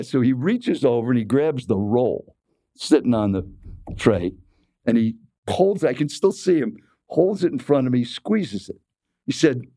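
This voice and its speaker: A man's voice: medium pitch, lively intonation, a little slow, dark tone, no echo, clean studio sound. A man in his eighties who coaches speakers, telling a story in a keynote talk and speaking straight to the listener. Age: 80s.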